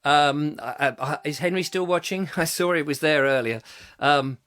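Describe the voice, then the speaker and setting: A man's voice: on the high side, moderate pace, a bit bright. A middle-aged man hosting a comic live chat show, reading viewer comments aloud and rambling jokily between them. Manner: jokey and rambling, puts on silly voices.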